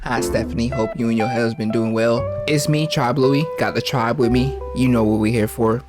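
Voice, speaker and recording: A man's voice: mid-range voice, fairly even intonation, moderate pace, over music. A man hosting a reaction video, talking in joking, slangy banter. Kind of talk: casual reaction commentary.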